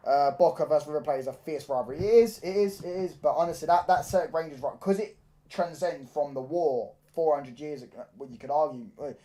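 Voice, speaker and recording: A young man from hosts a casual football live stream. He talks in an animated, slangy way and keeps asking whether his chat gets what he means. His voice sits a little on the high side. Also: brisk. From London. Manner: animated, slangy, repeats "do you get what I'm saying".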